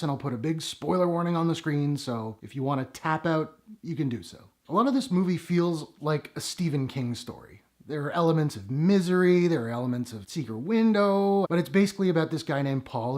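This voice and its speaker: Male host, slightly high voice, casual jokey vlog reviewer with a blunt, profane edge. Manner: jokey and blunt, swears for emphasis. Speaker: movie reviewer.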